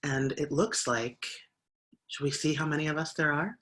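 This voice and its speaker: Service host, bright and forward tone, chatty announcements over a video call. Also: medium pitch, fairly even intonation, moderate pace. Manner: warm thanks, loose and conversational with fillers. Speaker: minister leading the service.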